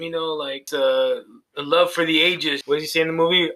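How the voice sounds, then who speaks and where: A man's voice: a little high, flat delivery, brisk, pushed and bright, rough recording. A man co-hosting a podcast, chatting casually about horror movies in a rambling, profane way and laughing at his own jokes. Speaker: podcast co-host.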